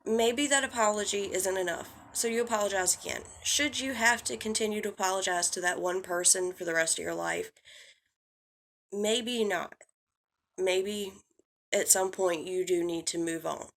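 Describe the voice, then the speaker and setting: A woman's voice: mid-range voice, normal speed, a bit bright. A woman giving blunt, heated drama commentary, swearing freely as she lays out her views. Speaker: commentary YouTuber.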